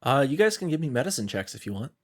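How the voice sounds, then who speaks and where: A man acting as game master, calmly explaining rules and what the players sense. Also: mid-range voice, fast talker, very noisy. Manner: calm, explanatory, filler-heavy. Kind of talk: running a tabletop game.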